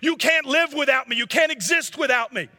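A man's voice: very high-pitched, a little fast, sharp tone, big-room sound, pitched above the performer's own voice, exaggerated voice. A man voicing a clingy giant lizard that frantically screams to keep its hold on a boy. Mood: frantic. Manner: screeching, possessive, frantic pleading.

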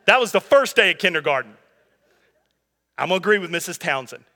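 A pastor in his thirties delivers a sermon in an easy, conversational style, animated and brisk, full of humor and asides to his listeners. His high voice sounds bright and forward, with a long hall reverb trailing his words.

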